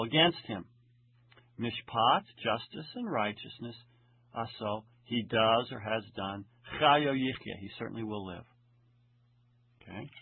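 A man teaching the Hebrew grammar of scripture as a lecture, reading Hebrew phrases slowly and checking in with his listeners. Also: medium pitch, dry recording. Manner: slow deliberate reading of Hebrew phrases, frequent "okay?" check-ins. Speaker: Bible teacher. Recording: husky voice over tinny phone-like line.

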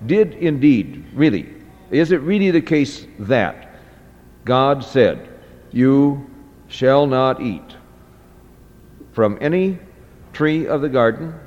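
A man teaching a class, reading a text aloud and explaining it slowly, with many fillers and restarts. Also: medium pitch, expressive. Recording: dull audio with long hall reverb.

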